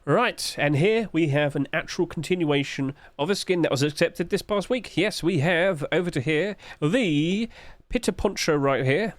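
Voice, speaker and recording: Chatty man with a bright higher voice. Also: expressive, moderate pace, no room sound. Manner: chatty, asks viewers rhetorical questions. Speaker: host reviewing game skins. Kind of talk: casual video commentary.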